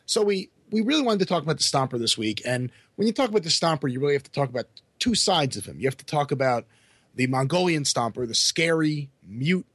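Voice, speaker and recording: A man co-hosting a podcast in casual chat, animated and quick to laugh. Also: medium pitch, husky, no room sound. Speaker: podcast co-host.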